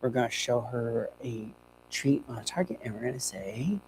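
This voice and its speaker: A man's voice: medium pitch, expressive, moderate pace. A young man who trains dogs, demonstrating on a live stream in a chatty, upbeat way and talking to his dogs as he goes. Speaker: dog trainer. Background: faint hum.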